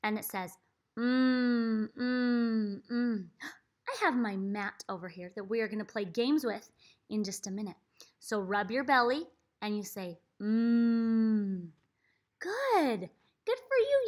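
A woman's voice: fairly high pitch, husky. A woman reading a phonics book aloud to young children, acting out letter sounds with big playful leaps in her voice. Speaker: reading teacher. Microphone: laptop computer.

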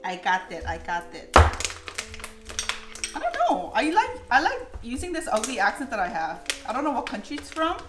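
A playful woman hosts a home cooking vlog and keeps talking straight to her viewers. Her voice sits a little high. The sound is roomy and echoey, with music running underneath. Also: big pitch swings, moderate pace. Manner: chatty, playful, talks straight to the audience. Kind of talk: casual cooking chat to viewers. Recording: echoey room with background music.

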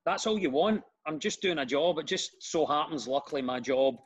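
A middle-aged Glaswegian man, a comedian and radio host, chatting as a podcast guest and telling animated stories with lots of restarts. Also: a little high, moderate pace, slightly rough. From Scotland. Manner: animated storyteller, repeats words when starting sentences. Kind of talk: casual interview chat.

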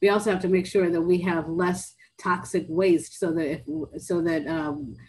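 A woman speaking at a policy briefing, talking quickly with many restarts and fillers. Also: fairly low pitch, fairly even intonation, a little mellow, slight background noise, poor audio.

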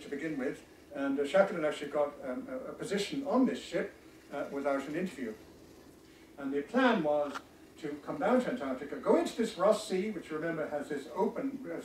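Halting lecturer in an echoey room. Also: male voice, a little high, distant mic, a little hiss or hum. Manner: halting, many ums and restarts. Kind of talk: illustrated history lecture.

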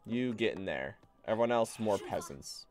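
A man's voice: on the low side, animated, moderate pace, darkish tone, soft background music. A man streaming a strategy game, rambling casually and bossing his units around with the odd swear. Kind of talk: casual gameplay commentary.

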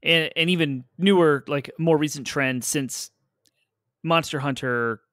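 A man with a slightly high voice co-hosts a podcast, laying out his points in a relaxed, steady way. The recording is close and dry. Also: measured pace, no echo. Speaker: podcast co-host. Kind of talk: casual chat.

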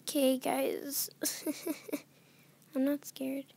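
A woman's voice: sits high, level tone, very slow, gravelly, warm tone. A young woman commentating a horror game as she plays, nervous and often dropping to a whisper. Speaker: let's play gamer.

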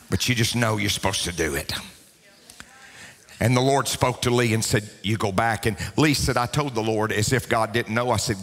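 A man preaching a sermon as pastor, emphatic and rising to shouts, repeating key lines for emphasis. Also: lowish voice, normal speed. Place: church sanctuary. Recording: long reverb of a church hall.

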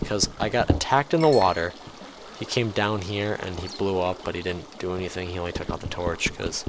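A man giving casual commentary over a game he is playing, jumpy and quick to swear and scold the game aloud. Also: sits low, slight background noise. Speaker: let's play host.

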